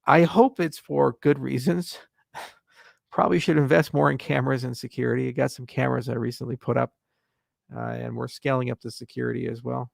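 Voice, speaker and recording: A man hosting a casual livestream Q&A, reading viewer questions aloud and answering with wry, deadpan jokes. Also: medium pitch, a little fast, gravelly, dry recording, clean studio sound.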